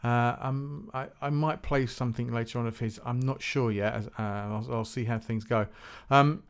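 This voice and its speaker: A man's voice: mid-range voice, fairly even intonation, normal speed, clean tone. A man hosting his own music podcast, chatting casually and rambling with fillers and restarts. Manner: rambling, self-deprecating, many fillers and restarts. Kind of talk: casual solo podcast chat.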